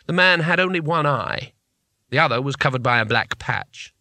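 Brief: male audiobook narrator, wry and measured, bright tone, dry booth sound. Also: a little high, animated, no echo. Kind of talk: scripted narration.

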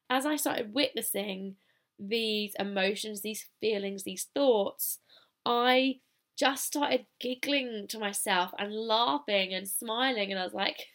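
A British woman hosts a solo podcast, telling a personal story in a chatty, casual, self-deprecating way with informal wording. Her medium-pitched voice is slow and a bit bright.

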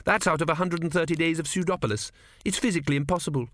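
A man's voice: on the high side, steady tone, racing, a bit bright, pitched above the performer's own voice, natural voice. A man doing a breezy, dismissive young woman. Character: haughty teenage girl, brisk and bold. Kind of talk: audiobook character voice.

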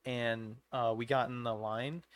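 A man's voice: medium pitch, steady tone, measured pace. A man co-hosting a podcast, telling stories casually and acting out what others said. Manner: storytelling, acts out quotes with loud bursts. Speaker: podcast co-host. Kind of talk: casual chat.

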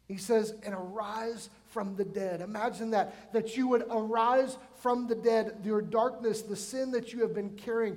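A man's voice: high-pitched, fairly even intonation, moderate pace, few pauses, darkish tone. A man in his forties preaching a sermon to his church, chatty and emphatic, often asking the congregation questions. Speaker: pastor. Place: church sanctuary.

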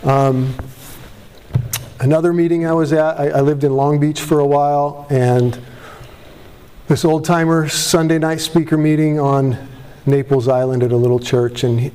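A man's voice: medium pitch, fairly even intonation, unhurried, dark tone. A man speaking at a recovery meeting to a live audience, candid and self-deprecating, rambling with restarts, his voice cracking with emotion. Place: meeting room before an audience.

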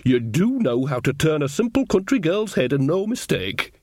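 A man's voice: on the high side, sing-song, moderate pace, a little mellow, no room sound, studio quality, voice pushed up. Man doing a bawdy old witch woman. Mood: flirty. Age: older. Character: bawdy, cheerful old female country witch.

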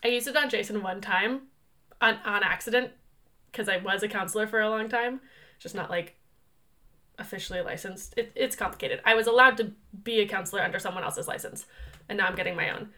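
A woman's voice: medium pitch, sharp tone. A young woman co-hosting a podcast, chatting casually, teasing and laughing often. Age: young adult. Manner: laughing, teasing, quick to joke. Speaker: podcast co-host. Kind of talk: casual chat.

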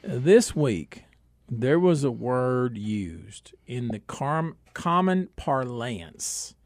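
A man hosting a comedic radio talk show, boisterous and jumping between loud bursts and low asides. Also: big pitch swings, drawn-out words, no room sound. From Northeast Texas.

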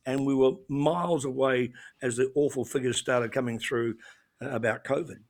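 Australian man, gravelly, chatty show regular, rambling anecdotes with restarts. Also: mid-range voice, fairly even intonation, moderate pace. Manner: chatty storyteller with many restarts and fillers. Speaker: regular commentator. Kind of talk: casual radio chat.

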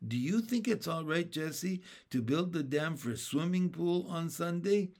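A man's voice: a little high, expressive, moderate pace. A man reading aloud and voicing an eager, hardworking boy who is the oldest brother. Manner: eager, bright.

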